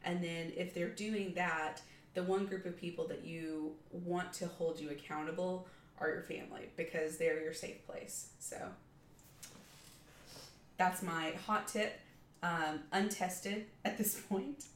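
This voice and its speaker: A woman's voice: lowish voice, a little slow. Rambling woman podcaster, echoey room. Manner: relaxed, rambling with fillers. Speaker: podcast co-host. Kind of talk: casual chat. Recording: echoey room, mic at a distance, faint background noise.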